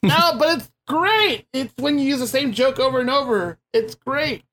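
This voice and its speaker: A woman's voice: sits high, expressive, normal speed, fairly bright tone. A woman hosting a casual podcast, playful and giggly. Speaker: podcast host. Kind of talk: casual chat.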